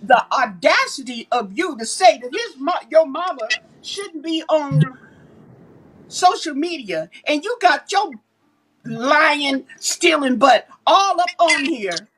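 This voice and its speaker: A woman's voice: high voice, expressive, slow, a bit bright, poor audio. A woman, talking animatedly and emphatically on a casual livestream. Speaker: livestream co-host.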